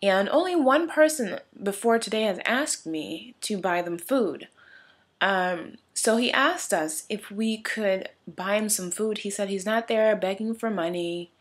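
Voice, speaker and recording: A woman's voice: mid-range voice, animated, unhurried. A young woman telling a story in a candid home vlog, emotional and teary, rambling with many fillers. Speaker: vlogger. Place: at home in her room.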